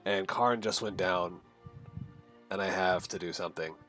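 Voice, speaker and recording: Low-voiced man thinking aloud at the table. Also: fairly even intonation, normal speed, fairly bright tone, faint music behind. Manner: hesitant, thinks aloud with fillers. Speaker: player. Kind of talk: casual tabletop game talk.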